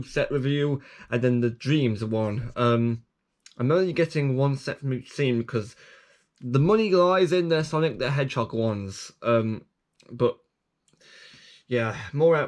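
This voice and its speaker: A man's voice: mid-range voice, a little slow, a little mellow. Guy rambling through channel updates and app reviews, keeps restarting and correcting himself, pokes fun at himself. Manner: self-mocking asides. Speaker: channel host.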